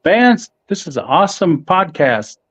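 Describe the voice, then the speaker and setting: A middle-aged man answers podcast questions in a laid-back, halting way, restarting his phrases. His voice sits a little high. The audio is dry and slightly dull. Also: sing-song, fairly bright tone, husky, no echo. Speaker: professional boxer, podcast guest. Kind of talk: casual interview answers.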